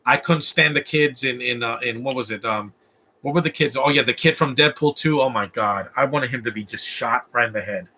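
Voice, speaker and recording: Man, casual live movie commentary, opinionated, rambling, raspy edge. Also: medium pitch, a little fast, pushed and bright. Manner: opinionated, rambling asides with restarts.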